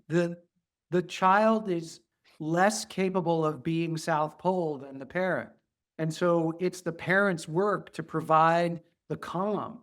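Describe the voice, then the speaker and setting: A middle-aged man, a pediatrician guest, talking earnestly in an interview and softly acting out how he soothes children. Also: fairly high pitch. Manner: earnest, acts out soft soothing asides to children. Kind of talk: conversational interview.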